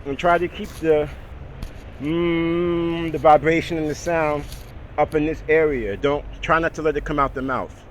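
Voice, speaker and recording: A man's voice: a little high, fairly quick. Man coaching singing posture outdoors. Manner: relaxed, talks through steps with "all right?" and "okay". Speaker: singing teacher. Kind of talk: casual vocal lesson with exercises. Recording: outdoor traffic noise behind.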